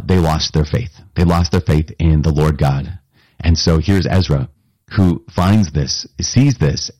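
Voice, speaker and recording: A man's voice: low-pitched, darkish tone, slightly rough, no room sound. A man giving a conversational, earnest sermon, often checking in with his listeners. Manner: conversational, earnest, with frequent restarts and asides to listeners. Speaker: priest.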